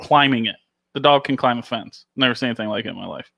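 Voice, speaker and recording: Bright-voiced man telling a funny story. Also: medium pitch, fast, gravelly, dry recording. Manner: animated, laughing storyteller. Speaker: podcast host. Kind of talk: casual storytelling chat.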